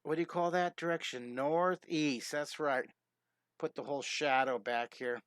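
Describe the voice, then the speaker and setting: A bright, upbeat middle-aged man talks through a drawing step by step on a live stream, chatty and encouraging. His voice sits a little high and sounds close and dry, with no room around it. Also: fairly even intonation, dry recording. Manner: enthusiastic, chatty, greets viewers, quick cat sound effects.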